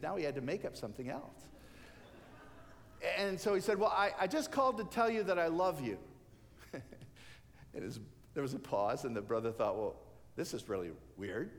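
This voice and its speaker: Animated male preacher in a reverberant hall. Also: high voice. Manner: animated storyteller acting out characters' lines. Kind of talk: sermon storytelling.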